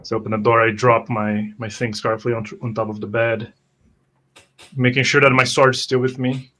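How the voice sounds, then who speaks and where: A man describing his character's actions in a tabletop role-play, halting and matter-of-fact. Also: medium pitch, little pitch movement, bright, forceful tone, slight background noise. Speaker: player.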